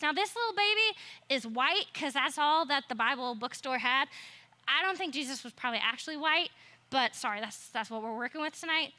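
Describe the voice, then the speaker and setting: A woman's voice: sits high, bright, forceful tone. A woman in her thirties telling a story to a youth group, playful and chatty with jokey asides. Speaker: youth ministry speaker. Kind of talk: storytelling talk with flannel graph.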